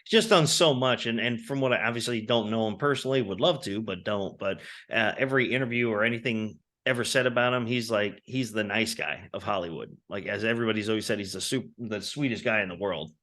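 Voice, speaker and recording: A man co-hosting a casual movie podcast, easygoing and quick to laugh. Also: on the low side, a bit bright. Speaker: podcast co-host. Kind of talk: casual chat.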